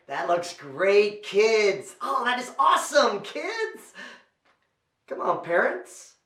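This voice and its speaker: Animated, playful man entertaining kids. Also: very high voice. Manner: animated, playful, exaggerated kid-show delivery. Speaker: children's entertainer and storyteller. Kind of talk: lively performance for children at home. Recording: roomy echo.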